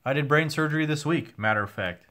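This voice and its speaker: On a casual livestream, a young man takes viewer questions, reading them aloud from chat and answering candidly with the occasional swear word. He talks fast, in a slightly high, sharp-toned voice that is starting to give out.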